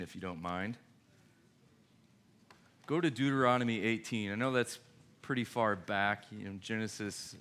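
A young man preaching casually to a youth group, conversational and jokey, with quick voiced asides. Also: medium pitch, a bit bright.

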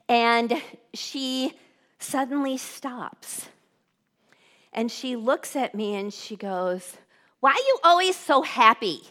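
A woman preacher telling a humorous personal story in a sermon, brisk and animated. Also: a little high.

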